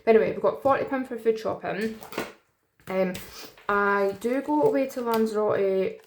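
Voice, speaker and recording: A woman's voice: on the high side, moderate pace, slight background noise. Woman from the UK, casual budgeting vlogger, chatty and rambling, a little tired. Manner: chatty, rambling, many fillers. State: tired, yawning. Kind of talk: casual chat to camera.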